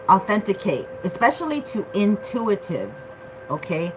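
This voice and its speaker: A woman's voice: medium pitch, animated, measured pace, faint music behind, low-quality recording. A woman giving a casual tarot reading, chatty and loose, often checking in with "okay?". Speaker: tarot reader.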